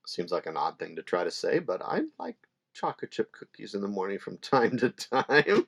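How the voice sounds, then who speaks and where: A middle-aged man teaching ukulele in a relaxed, chatty way, with fillers and small laughs. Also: fairly low pitch, moderate pace, vocal fry, lo-fi sound, loud music behind the voice. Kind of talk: casual instructional talk. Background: ukulele playing between phrases.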